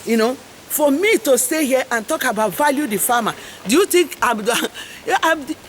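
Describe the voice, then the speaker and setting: A woman's voice: high-pitched, lively intonation, moderate pace, a little hiss or hum. A middle-aged woman with a Nigerian English accent, hosting an impassioned, rambling monologue full of preachy, repeated slogans. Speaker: host and farmers' advocate.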